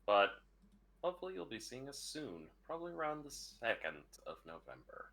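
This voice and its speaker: A man player giving his sign-off in a relaxed, slightly tired way. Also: mid-range voice, brisk, creaky. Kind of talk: casual stream outro.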